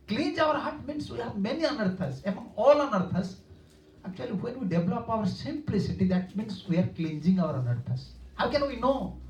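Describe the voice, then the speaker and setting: A man giving a sermon to devotees, telling stories and chuckling, often halting to search for words and restarting his sentences. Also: sits high, mellow, slight background noise. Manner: storytelling with chuckles. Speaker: monk preaching to devotees. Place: lecture room. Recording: roomy, distant and dull-sounding room recording.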